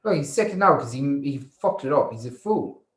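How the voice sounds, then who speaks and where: A man's voice: medium pitch, brisk. A man who co-hosts a podcast, chatting casually and swearing as he watches a rugby match live. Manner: swearing, excitable, jumps from mumble to outburst. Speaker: podcast co-host. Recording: roomy echo.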